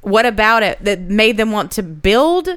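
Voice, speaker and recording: A woman's voice: medium pitch, lively intonation, moderate pace, fairly bright tone, clear, resonant tone, dry recording. A woman co-hosting a podcast, explaining a history story in casual chat with her sister and laughing often. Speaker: podcast co-host.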